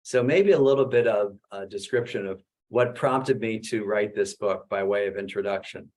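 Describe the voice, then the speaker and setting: A middle-aged man, a Jesuit priest, giving a conversational webinar talk about his book, full of "uh" fillers and animated questions. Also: lowish voice, normal speed.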